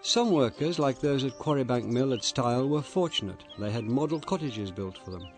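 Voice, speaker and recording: A man narrating a history documentary in a measured, deliberate way. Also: medium pitch, expressive, faint music behind. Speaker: documentary presenter.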